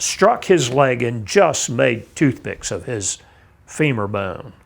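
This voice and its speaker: An older man, a navy veteran, telling a vivid personal account in a measured, plain-spoken way. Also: mid-range voice. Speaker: navy veteran recounting his experience. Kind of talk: personal testimony.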